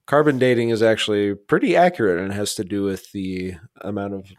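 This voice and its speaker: A man co-hosting a podcast, chatting casually in a slow, rambling, self-deprecating way. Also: lowish voice, dry recording, clean studio sound. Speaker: podcast co-host.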